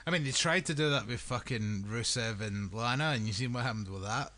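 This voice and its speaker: Man, blunt and teasing, bright voice, casual podcast chat. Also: mid-range voice, a little fast. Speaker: podcast co-host.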